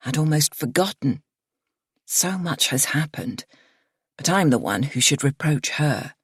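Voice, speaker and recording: A woman narrating a first-person thriller audiobook in a measured, expressive storytelling manner. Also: low-pitched, slightly rough, no room sound, studio quality.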